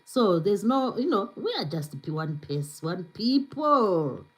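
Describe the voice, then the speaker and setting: A livestream host talks in a medium-pitched voice with big pitch swings, going a little slow. Her English has a non-native accent, and she's chatty and casual, full of fillers, reading viewer comments aloud. The audio is poor.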